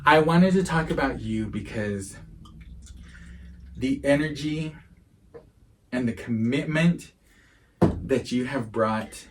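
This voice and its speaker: A man's voice: mid-range voice, expressive, takes it slowly, long pauses, recorded from a distance, noisy background. A middle-aged man hosts a casual podcast, taking his time over each word. He speaks with earnest, heartfelt sincerity. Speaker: podcast host. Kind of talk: casual chat.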